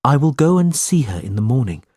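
A man plays a brave young hero in a read-aloud story, urgent and sincere. The voice is a little above his own and lively in pitch, with a breathy edge. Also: brisk, no echo, studio quality. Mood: earnest. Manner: urgent and earnest.

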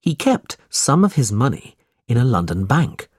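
Male audiobook narrator, measured, lively pitch, husky tone. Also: dry recording, clean studio sound. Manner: plain, measured storytelling. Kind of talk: storybook narration.

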